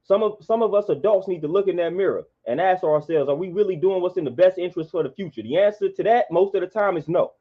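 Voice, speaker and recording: A man's voice: high voice, quick pace, few pauses. A man, delivering an impassioned monologue in a preachy, repetitive, emphatic way. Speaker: vlogger. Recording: dull lo-fi sound.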